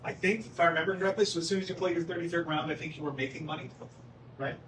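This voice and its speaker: A man's voice: fairly high pitch, rapid-fire, fairly bright tone. Casual man presenting at a town hall. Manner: casual and joking, lots of "right?". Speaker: golf course manager presenting at a town hall. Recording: roomy, distant mic with faint background noise.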